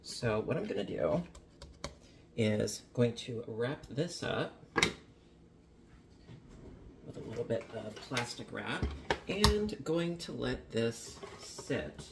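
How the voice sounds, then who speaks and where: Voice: medium pitch, sing-song, slow pace, gravelly, long pauses, heavy background noise. A home baker chatting casually in a kitchen while demonstrating a recipe, playful and full of jokey asides. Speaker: home baking vlogger.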